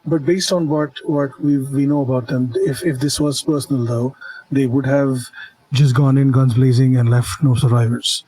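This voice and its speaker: Husky, dark-voiced man reasoning things out. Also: mid-range voice, fairly even intonation, normal speed, rough recording. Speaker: tabletop player. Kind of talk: in-character tabletop role-play.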